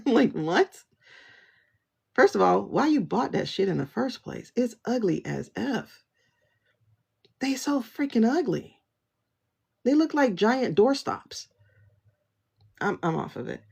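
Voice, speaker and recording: Female livestream host; blunt, sassy, laughing rant; husky voice with lots of fry. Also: on the high side, very animated, slow, pauses often, darkish tone. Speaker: tarot reader and livestream host. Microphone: phone livestream.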